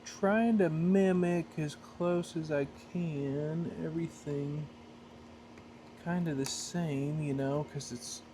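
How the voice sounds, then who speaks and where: A man with a slightly high, mellow voice speaks slowly and with fairly even intonation, a bit of hiss or hum audible. He's a hobbyist making a flight-sim throttle, talking casually through the build and soldering at his workbench, thinking aloud and correcting himself as in an informal workshop tutorial.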